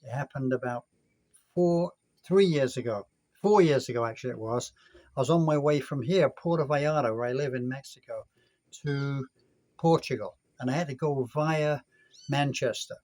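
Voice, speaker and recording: A man's voice: medium pitch, moderate pace, darkish tone, dry recording. A man in his sixties from the United Kingdom, telling a rambling story in a casual vlog rant. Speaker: vlogger.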